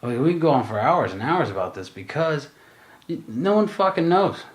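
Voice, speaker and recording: A man's voice: on the high side, big pitch swings, normal speed. A man co-hosting a podcast in casual chat, musing and rambling with lots of fillers and swearing. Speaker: podcast co-host.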